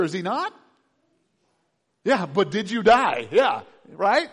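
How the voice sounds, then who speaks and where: Middle-aged man, pastor, sermon, lively pitch, quiet asides, loud emphatic peaks. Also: takes it slowly, slightly rough, in a large hall.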